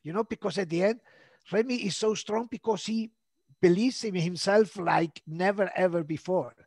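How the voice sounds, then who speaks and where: Emphatic high-voiced man, dry sound. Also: moderate pace, darkish tone, no echo. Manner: emphatic, repeats "you know". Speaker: co-host. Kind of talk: casual chat.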